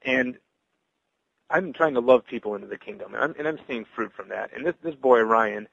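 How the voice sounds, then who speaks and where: A man giving an earnest, halting personal testimony as a Christian evangelist, full of restarts. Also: medium pitch, vocal fry, a bit bright, no echo, muffled recording.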